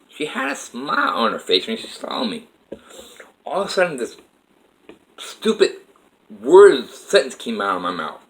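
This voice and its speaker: A man's voice: fairly low pitch, fairly bright tone, low-quality recording. A man telling a personal life story to camera in a rambling, emotional way, with frequent restarts.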